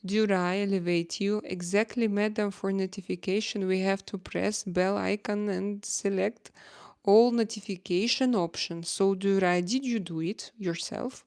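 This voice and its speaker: A woman's voice: medium pitch, fairly even intonation, measured pace, darkish tone. A middle-aged woman with a Russian accent hosting a casual livestream chat and reading viewer comments aloud. She talks hesitantly, with many filler sounds and playful teasing.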